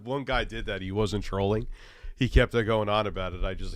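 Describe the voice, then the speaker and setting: A man's voice: fairly low pitch, normal speed, no room sound, clean studio sound. A man with a stuffy nose from a cold, ranting loosely and profanely while livestreaming. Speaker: streamer. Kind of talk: casual livestream rant.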